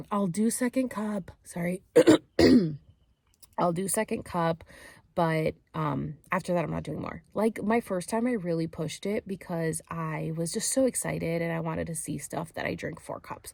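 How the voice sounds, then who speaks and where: Speaking at a measured pace in a lowish, slightly mellow voice with vocal fry, a woman vlogger tells a personal story to her camera. She's chatty and loose, packing in "like" and "um" and acting out what other people said. The sound is dry, captured by the camera mic as she films herself.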